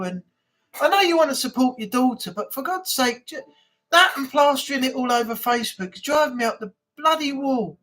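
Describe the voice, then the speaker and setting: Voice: sits high, brisk, a bit bright. Live chat host, from England, rambling casual talk, reads viewer comments, mild ranting. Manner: chatty, rambling, mildly ranting.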